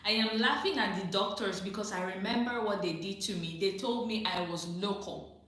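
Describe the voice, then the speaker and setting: Reading and answering comments in a casual live chat, a woman with a mid-range, fairly bright voice talks at a normal speed. She responds directly, laughs a lot, and repeats advice for emphasis, using a phone or computer mic in a very echoey room.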